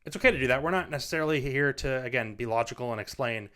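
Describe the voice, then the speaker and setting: Man, parenting host, casual advice talk, earnest, rambling with fillers, mid-pitched, smooth resonant voice, studio mic. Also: rapid-fire, pushed and bright. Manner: earnest, filler-heavy, rambling with many "you know"s. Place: standing in front of a mic. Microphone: studio microphone.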